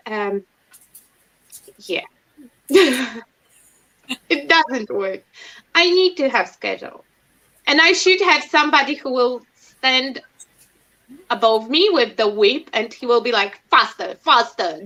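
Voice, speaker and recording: High, bright woman chatting on a stream. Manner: chatty, self-mocking, laughs often. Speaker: livestream host. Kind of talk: casual chat. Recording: dull lo-fi stream audio.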